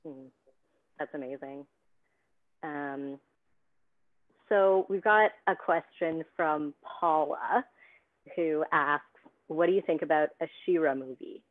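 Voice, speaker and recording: Low-voiced woman moderator, phone-like sound. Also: takes it slowly, pauses often. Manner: soft-spoken, brief affirmations. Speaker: interview moderator. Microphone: video call.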